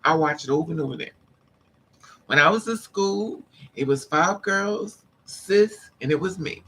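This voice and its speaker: A woman vlogger telling a story in a casual, animated way, repeating lines for emphasis and acting out what men said to her. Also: low voice, measured pace, husky, low-quality recording. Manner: acts out the men's lines in quotes.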